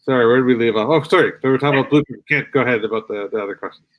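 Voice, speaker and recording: A man's voice: medium pitch, rapid-fire, no room sound, highs cut off. A man hosting a casual interview show, friendly and encouraging, with plenty of fillers and restarts. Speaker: podcast host.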